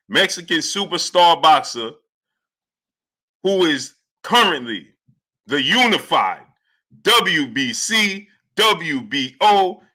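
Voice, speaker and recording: A man doing a slow, booming impression of a male boxing ring announcer, stretching every title out. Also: sharp tone, full character voice. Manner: drawn-out, stretching each title.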